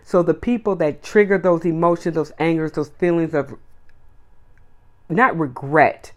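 A woman's voice: sits low, steady tone, unhurried, a little mellow. Woman doing a solo opinion podcast, blunt and emphatic, piles up repeated words. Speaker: podcast host.

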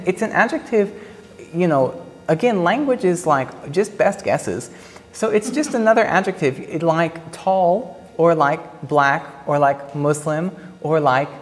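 Low-voiced woman, thoughtful, in a reverberant hall. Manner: thoughtful, searching for words, many fillers. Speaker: panelist at a pre-show talk about an opera. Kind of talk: casual talkback to an audience.

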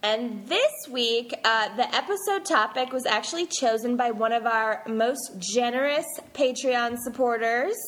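A woman co-hosting a laid-back podcast, chatting with friends. Her voice sits fairly high, and she takes her time. She keeps slipping little laughs between her words. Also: a little slow, few pauses, a bit bright. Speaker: podcast co-host. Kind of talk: casual chat.

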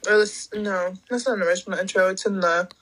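A woman's voice: medium pitch, fast, a bit bright, low-quality recording. A young woman in a casual chat as a guest, talking loosely with plenty of filler words and giggles.

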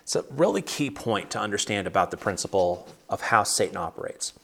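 A man's voice: fairly low pitch, sing-song, brisk, vocal fry, a bit bright. A man leading a casual Bible study over a video call, talking conversationally with frequent restarts and fillers.

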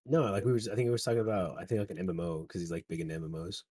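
A young man chatting casually with friends, telling animated stories, laughing and swearing freely. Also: deep voice, very fast, husky, no room sound, clean studio sound.

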